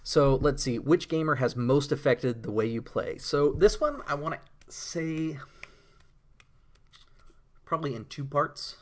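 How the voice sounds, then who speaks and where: A man's voice: a little high, animated, unhurried, pauses often. A man giving a casual, rambling monologue about tabletop role-playing, with many fillers and enthusiastic storytelling. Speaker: tabletop RPG blogger.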